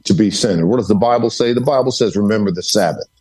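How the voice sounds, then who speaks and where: A man's voice: on the low side, quick pace, a little mellow, husky. A man speaking from his home study as a podcast guest, telling stories with emphatic, sermon-like repetition. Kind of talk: storytelling interview.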